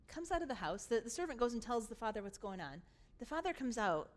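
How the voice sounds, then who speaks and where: A woman pastor preaching a sermon, telling the story in an animated way and acting out its scenes. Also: a little high, fast talker.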